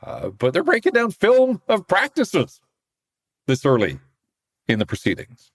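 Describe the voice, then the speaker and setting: A man's voice: high voice, huge pitch swings, unhurried. A man, co-hosting a hockey podcast in casual chat and telling stories with frequent laughs. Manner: chatty storyteller, laughs often. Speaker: podcast co-host, hockey reporter.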